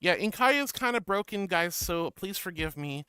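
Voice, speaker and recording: A woman's voice: lowish voice, animated, moderate pace, a bit bright, clean tone, no room sound, clean studio sound. A woman streaming casually, reading chat aloud in an affectionate, giggly way, calling viewers sweetie and honey and often repeating herself. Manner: rambling, repeats phrases. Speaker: VTuber streamer.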